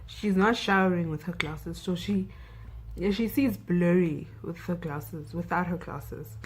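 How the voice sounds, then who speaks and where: A woman's voice: fairly low pitch, measured pace, slight background noise, low-quality recording. A young South African woman vlogger recapping a film in a chatty way, saying "like" and "you know" a lot.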